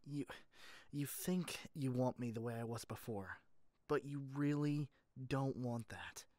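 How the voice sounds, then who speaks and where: A man speaking in a whispered role-play, soft and hesitant, often stopping to restart his sentences. He talks slowly at a middle pitch. The recording is dry and close, with no room sound. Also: dry recording. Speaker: ASMR role-play voice actor.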